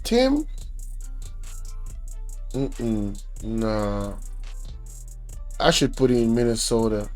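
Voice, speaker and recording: A man's voice: medium pitch, sing-song, extremely slow, long pauses, darkish tone, faint music behind. A man with a Jamaican accent hosting a reaction channel, talking to viewers in an indignant, preachy way. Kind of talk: casual reaction commentary.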